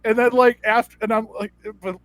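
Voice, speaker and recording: A man's voice: sits high, fairly even intonation, brisk, a bit bright, no room sound. A young man on a comedy podcast telling a rambling, stammering story and mimicking the people in it. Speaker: podcast co-host.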